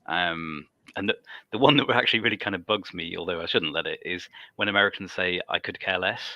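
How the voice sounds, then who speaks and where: A man's voice: deep voice, brisk, bright, forceful tone, no echo, lo-fi sound. A British man chatting casually on a livestream, talkative and laughing often. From United Kingdom.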